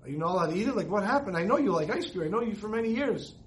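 Man doing a caring, insistent rabbi, high-pitched and coaxing. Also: lively intonation, racing, slight background noise.

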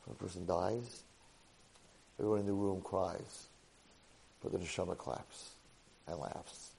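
A man teaching a Torah portion lesson to a live class, an animated storyteller sprinkling in Hebrew and Yiddish words. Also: low voice, unhurried, vocal fry, a little hiss or hum, rough recording.

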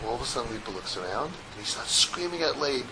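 A man giving a sermon as a rabbi, telling a parable in an animated, joking storyteller manner. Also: mid-range voice, quick pace, noisy background.

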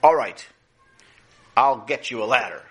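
Guy doing a stern farmer, loud and lively, bright voice, storybook style. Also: mid-range voice, measured pace. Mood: reassuring. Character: gruff middle-aged male farmer, stern but kind.

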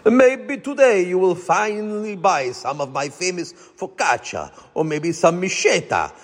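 A jovial Italian baker calls out his wares in a heavy accent, friendly and eager to make a deal, as a man acts him out. The voice sits higher than a plain speaking voice and bounces lively, with a slightly husky edge. It rings out in a reverberant room. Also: unhurried. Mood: cheery. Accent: Italian, put on. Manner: friendly sales pitch.

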